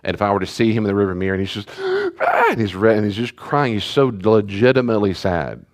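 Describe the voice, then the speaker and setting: Middle-aged pastor guy, deep low voice, chatty teaching to parents, says things twice. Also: fast talker. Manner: conversational, repeats key phrases, acts out parent and child voices. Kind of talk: teaching talk to a church group.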